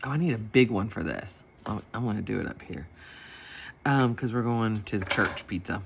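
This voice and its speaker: A woman's voice: rumbling low, moderate pace, creaky, a little hiss or hum. A woman vlogger chatting at her home desk, animatedly retelling an embarrassing story and acting out the people in it. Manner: chatty, animated retelling with quoted voices and laughter. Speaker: planner vlogger. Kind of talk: casual storytelling while planning. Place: home desk with dogs nearby.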